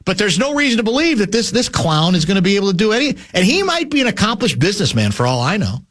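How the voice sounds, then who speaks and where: A man hosting a sports talk radio show, swinging his voice up and down as he riffs sarcastically. His pitch sits a bit higher than most men's, and he stumbles over repeated words while he builds a point. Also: fast talker. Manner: animated, sarcastic, repeats words when searching.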